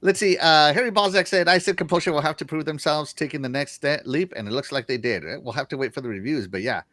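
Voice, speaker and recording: A man's voice: fairly high pitch, quick pace, fairly bright tone, no echo, clean studio sound. A man with a Southern American accent hosting a casual livestream, reading chat comments aloud and laughing often. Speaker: show host reading chat.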